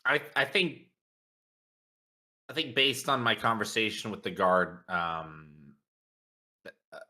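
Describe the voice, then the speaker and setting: A man joins a tabletop game over a call, speaking slowly and unsurely. His voice sits very low but rings sharp and bright. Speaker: player. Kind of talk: casual game chat.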